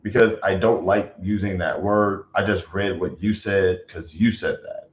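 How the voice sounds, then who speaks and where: In a casual livestream chat, a man rambles agitatedly, leaning on lots of fillers. His voice is low and fairly even, and he speaks unhurriedly. The sound is roomy, dull, and lo-fi with slight background noise.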